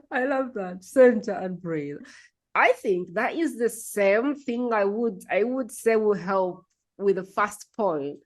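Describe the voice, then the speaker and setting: A woman's voice: medium pitch, animated, slow. Affirming woman podcast host. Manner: affirming, repeats the guest's phrases back. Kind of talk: casual chat.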